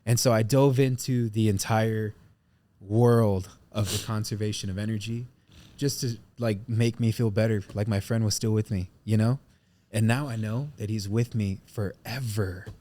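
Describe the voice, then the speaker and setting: A man's voice: fairly low pitch, steady tone, normal speed, dark tone. A man co-hosting a casual podcast, reading a passage aloud and talking openly, at times emotional and swearing casually. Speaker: podcast co-host.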